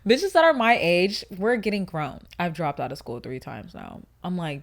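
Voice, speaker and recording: A woman's voice: fairly low pitch, big pitch swings, normal speed. A woman of twenty-one talking casually to camera as a YouTuber, chatty and slangy, rambling off on asides.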